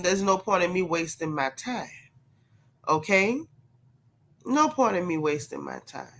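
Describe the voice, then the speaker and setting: A woman with a lowish, creaky, fairly bright voice sounds congested and sick as she hosts a gossip channel livestream. She talks straight to her chat, driving her points home by repeating them.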